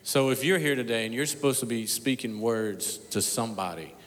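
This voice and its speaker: A man preaching a sermon as pastor, telling a story, dropping to a hush and then rising loud and emphatic. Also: mid-range voice, fairly quick. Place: church sanctuary. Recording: long hall reverb.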